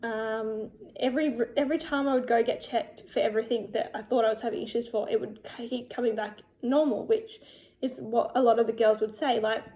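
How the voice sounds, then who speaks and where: A young woman telling her personal story in a vlog, emotional and halting, with many fillers and restarts. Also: a little high, fairly even intonation, mellow. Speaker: vlogger.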